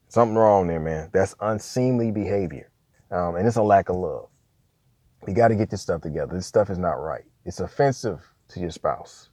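Man, low dark voice, emphatic scripture teacher who keeps checking "okay?", dry close sound. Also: no echo. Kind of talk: preaching talk on scripture.

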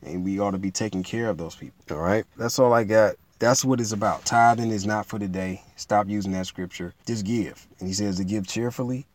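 A man preaching in a relaxed, conversational way, repeating himself and building to emphatic peaks. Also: on the low side, fairly quick, hardly any pauses, no echo. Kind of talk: informal sermon teaching.

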